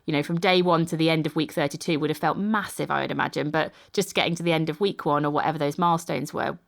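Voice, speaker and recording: A woman's voice: low-pitched, steady tone, fast, vocal fry. A woman hosting a podcast, reflecting thoughtfully on what her guest has said. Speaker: podcast host. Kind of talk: conversational interview.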